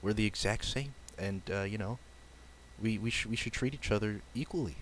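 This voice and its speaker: A man putting on the voice of a brash, foul-mouthed joke teller who rambles on earnestly, pitched lower and quieter than his own voice. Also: a little fast, slight background noise, close to an everyday voice, poor audio. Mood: rambling. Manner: crude, rambling, earnest then blunt. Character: brash foul-mouthed middle-aged man telling jokes.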